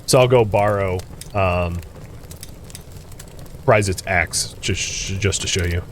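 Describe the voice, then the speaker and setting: A man's voice: low-pitched, takes it slowly, a little hiss or hum. A man hosting a let's play, giving casual gameplay commentary, thinking aloud and talking straight to his viewers. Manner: chatty, thinks aloud, chuckles often; addresses viewers directly.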